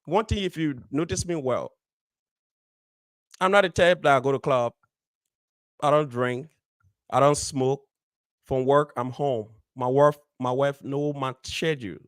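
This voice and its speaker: A man's voice: medium pitch, measured pace, pauses often, no room sound. A man hosting a community show, speaking straight to his audience with firm emphasis and repeating key phrases. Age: adult, married. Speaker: radio show host. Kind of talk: direct address on a community show.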